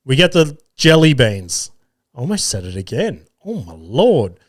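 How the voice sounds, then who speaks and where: An Australian man in his thirties rambles through an everyday story on his podcast, swearing freely and joking at his own expense. His voice sits at an ordinary middle pitch and is recorded close and dry, with no room sound. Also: very animated, a little slow, no echo. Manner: rambling, swears freely, self-deprecating humour. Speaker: podcast host. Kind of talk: casual storytelling monologue.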